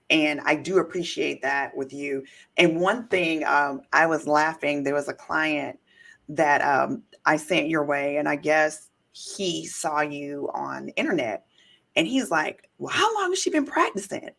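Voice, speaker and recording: A woman hosting an interview podcast, an attorney herself, talking in an emphatic, animated way and telling stories. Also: sits low, measured pace, gravelly. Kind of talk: casual interview chat.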